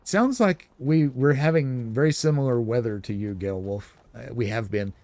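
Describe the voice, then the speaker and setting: Laid-back guy chatting thru a game stream, warm voice, dry mic. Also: medium pitch, normal speed, no room sound. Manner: chatty, rambling, explanatory. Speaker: gaming streamer. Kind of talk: casual gameplay commentary.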